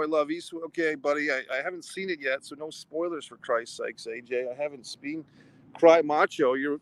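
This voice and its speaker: A man's voice: a little high, a bit bright, rough recording. Rambling, profane man vlogging outdoors. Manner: rambling and profane, with frequent restarts. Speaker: vlogger and film reviewer. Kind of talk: casual livestream movie review. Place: outdoors outside a movie theater.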